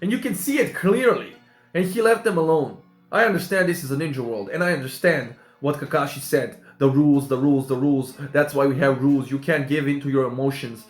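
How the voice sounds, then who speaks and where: A man's voice: a little high, fairly quick, roomy sound, faint music behind. A man hosting an anime reaction, talking casually in an emotional and exclamatory way, with frequent interjections.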